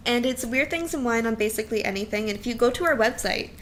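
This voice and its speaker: A woman's voice: fairly high pitch, fast, a bit bright, slight background noise. A young woman co-hosting a podcast in casual chat, giggly and filler-heavy, saying "like" a lot. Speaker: podcast co-host.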